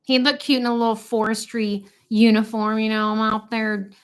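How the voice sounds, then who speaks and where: A middle-aged woman hosting a casual livestream chat from home, animated and jokey, quick to slip into funny voices. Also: on the high side, clear, resonant tone. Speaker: livestream host.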